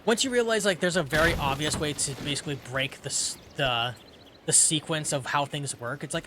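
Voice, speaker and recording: A man's voice: a little high, animated, quick pace, pushed and bright, a little hiss or hum. A young man streaming a video game, chatting in a rambling way and reading quest text aloud. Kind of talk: casual let's-play commentary.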